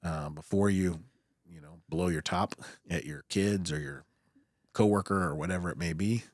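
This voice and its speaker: A man who works as a surgeon, talking in a calm, reflective way during a casual podcast chat and often rephrasing as he goes. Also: low-pitched, moderate pace, no room sound, clean studio sound.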